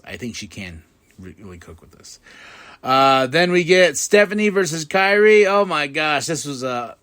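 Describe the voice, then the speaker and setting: Excitable man recapping a show. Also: fairly high pitch. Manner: excitable, acts out quotes in quick voices. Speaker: podcast host.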